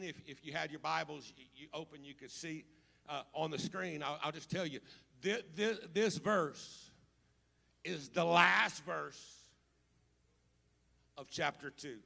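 A male preacher in a sermon, swinging from easy storytelling to loud, fervent calls. His voice sits high and bright, with a gravelly fry at the bottom. The sound rings with the long reverb of a church hall. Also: slow pace, long pauses. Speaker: pastor.

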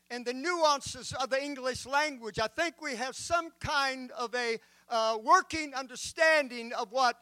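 Bishop preaching, high bright voice, dramatic emphatic scripture reading. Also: male voice, no room sound. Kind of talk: sermon.

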